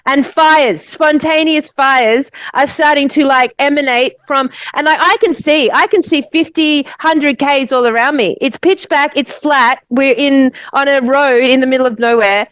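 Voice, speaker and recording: An Australian woman co-hosting a podcast, telling a wild story in an animated, rambling way and swearing freely. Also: high-pitched, unhurried, few pauses, no echo, rough recording. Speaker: podcast co-host. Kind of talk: casual storytelling.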